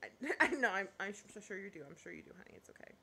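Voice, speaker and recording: A woman's voice: medium pitch, expressive, very fast, gravelly, pushed and bright, slightly rough. A woman YouTuber in casual live chat, reading viewer comments and giving blunt opinions, laughing often and apologizing half-jokingly.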